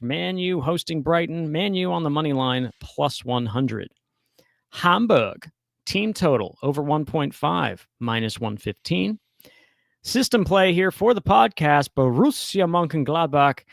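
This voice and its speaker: Brief: relaxed male betting podcast co-host, jokey and chatty, dry close mic. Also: fairly high pitch, gravelly, no echo. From United States. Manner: laughing, joking, easygoing. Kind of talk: casual sports betting chat.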